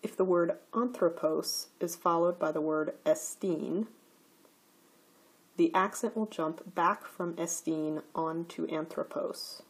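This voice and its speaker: A woman teaching a recorded slide lecture, explaining grammar rules slowly and carefully. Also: lowish voice, husky.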